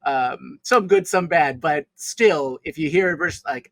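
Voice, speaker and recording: A man's voice: a little high, normal speed, fairly bright tone, low-quality recording. A man co-hosting a casual chat show, thinking aloud with many fillers and restarts. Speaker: co-host.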